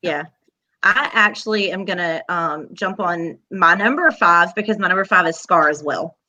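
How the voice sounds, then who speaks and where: A woman's voice: fairly low pitch, moderate pace, sharp tone. Chatty woman host, muffled audio. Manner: chatty, laughs often, multitasking. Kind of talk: casual chat.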